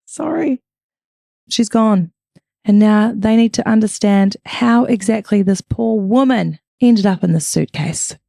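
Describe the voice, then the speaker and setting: A woman's voice: mid-range voice, unhurried, creaky, dark tone, no room sound, studio quality. A woman co-hosting a true crime podcast, telling the story in a dramatic, chatty way with swearing asides, recorded in a hotel room. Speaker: podcast co-host.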